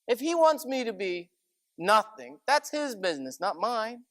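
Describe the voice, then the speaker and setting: Speaking a little slowly in a high, slightly bright voice with big swings in pitch, a male preacher gives a conversational sermon. He's folksy and chatty, full of stories and frequent "you know" asides, and there is no echo.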